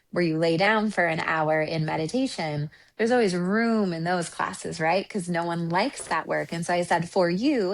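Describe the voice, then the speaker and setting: A woman relationship coach and Reiki practitioner talking earnestly in an interview, often checking in with "right?". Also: lowish voice. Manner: reflective, earnest, often ending points with "right?". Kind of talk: conversational interview storytelling.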